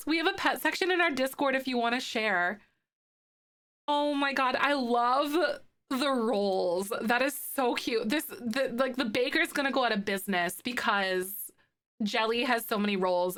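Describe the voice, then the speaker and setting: A woman's voice: a little high, moderate pace. A young woman, chatting casually on a live stream and reading viewer comments, gushing and cooing over pet photos. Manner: gushing, excitable, coos over pets.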